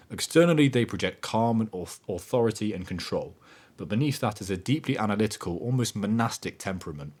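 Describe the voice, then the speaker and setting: A man hosting a podcast, talking in a casual motivational monologue that is animated and emphatic, swearing freely. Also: on the low side. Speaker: podcast host.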